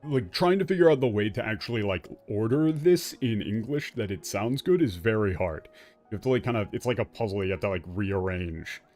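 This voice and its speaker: A man's voice: lowish voice, expressive, brisk, a little mellow, faint music behind. A man streaming a game and explaining its story in casual, rambling commentary, full of fillers and restarts and the odd swear word. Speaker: streamer playing and translating a game.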